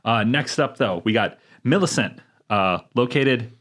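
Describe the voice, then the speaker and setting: A man co-hosting a casual gaming podcast, joking around and reading game notes aloud in a relaxed way. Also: mid-range voice, unhurried. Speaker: podcast co-host.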